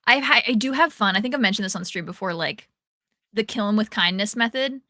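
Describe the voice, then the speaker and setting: A woman co-hosting a casual chat, telling an anecdote in animated bursts and acting out the people she quotes. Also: medium pitch, fairly quick, no room sound, clean studio sound. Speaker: podcast co-host.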